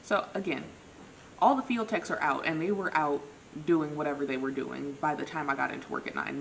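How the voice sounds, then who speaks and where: Young woman vlogging a dating story, kinda low voice, jokes on herself a lot, faint hiss. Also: vocal fry, poor audio. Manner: animated, acts out quotes with big pitch jumps; self-mocking, laughs often. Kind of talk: casual storytelling.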